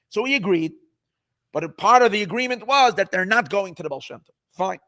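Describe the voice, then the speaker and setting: A man, a rabbi, telling Hasidic stories in a lively teaching style, acting out the dialogue with many repeated words. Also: sits high, fairly quick. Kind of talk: storytelling class.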